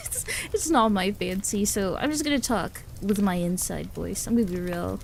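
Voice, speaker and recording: A woman's voice: medium pitch, normal speed, vocal fry. A woman streams from home and chats casually with her viewers, rambling and breaking into giggles. Her sentences often start over. A faint hiss sits under her voice. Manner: chatty, giggly, rambling with restarts. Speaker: livestreamer. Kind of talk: casual chat with live chat.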